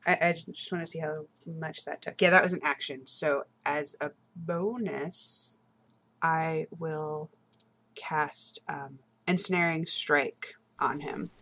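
A woman's voice: sits low, fairly even intonation, slow, sharp tone. A woman playing in a tabletop game, hesitant with many ums while she explains rules. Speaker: player.

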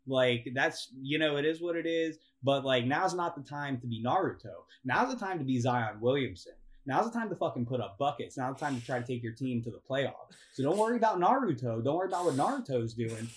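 Profane, ranting young man riffing on sports. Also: slight background noise. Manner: profane, ranting, laughs and rises in pitch when worked up. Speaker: podcast co-host. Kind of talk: casual sports chat.

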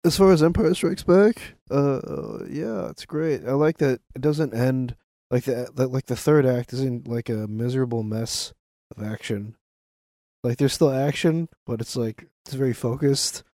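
Man, podcast co-host, casual chat, animated storyteller, mid-pitched voice, dry close recording. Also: measured pace, dry recording. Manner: animated storyteller, acts out quotes with laughs.

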